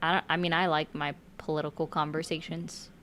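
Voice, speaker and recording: A woman's voice: sits low, little pitch movement, brisk, fairly bright tone, a little hiss or hum. A woman hosting a casual group chat on a live stream, chatty and jokey, trailing off with fillers.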